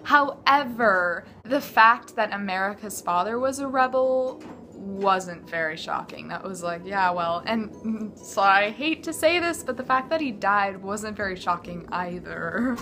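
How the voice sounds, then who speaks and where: Soft music plays in the background as a woman with a mid-range voice vlogs about books straight to camera. Her manner is lively and effusive, and she pokes fun at the characters in rapid side comments.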